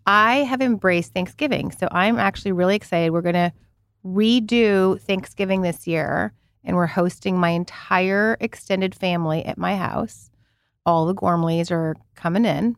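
A Canadian woman in her forties co-hosting a podcast, chatting casually and telling animated stories, swearing freely and laughing as she talks. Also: on the low side, normal speed, dry recording, clean studio sound. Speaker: podcast co-host. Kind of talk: casual chat.

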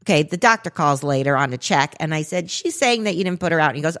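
A woman in her forties, a podcast co-host, telling a story in casual chat and acting out the quotes. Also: quick pace. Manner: animated, acts out quotes with big pitch jumps.

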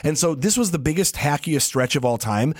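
A man co-hosting a comedy podcast, rambling through stories with jokes and quick asides. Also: on the high side, lively intonation. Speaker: podcast co-host. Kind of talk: casual comedic chat.

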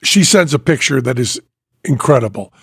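A man hosting a podcast, telling a story in an animated, casual way and laughing as he goes. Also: mid-range voice, normal speed, no echo, studio quality. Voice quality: gravelly and husky. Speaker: podcast host.

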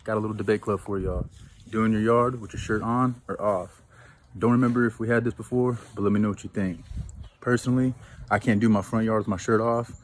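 A man's voice: on the low side, steady tone, brisk, slight background noise. A man in a listener video clip, joking around in a laid-back, slangy way. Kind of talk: casual video message.

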